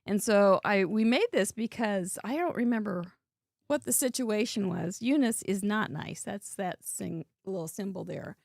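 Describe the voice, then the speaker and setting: A woman's voice: mid-range voice, unhurried, gravelly, darkish tone, dry recording, clean studio sound. A woman hosting a live crafting show, chatting in a bubbly way and laughing often while she works. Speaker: host. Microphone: headset earbud.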